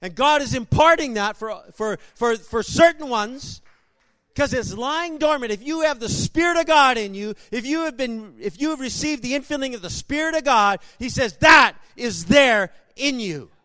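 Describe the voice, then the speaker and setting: A man preaching a sermon, telling stories with emphasis and bursting into shouts. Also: very high-pitched, lively intonation, normal speed, no echo.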